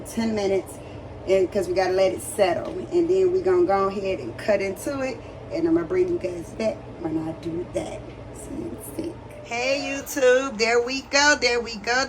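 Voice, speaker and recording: A woman hosting a casual home cooking vlog in her kitchen, chatting to viewers as y'all. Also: mid-range voice. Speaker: cooking vlogger. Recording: noisy home recording.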